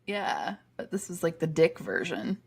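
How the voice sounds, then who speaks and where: A woman's voice: lowish voice, big pitch swings, unhurried, vocal fry, husky. A woman co-hosting a podcast, chatting casually and reading listener comments aloud, amused and laughing often. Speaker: podcast co-host.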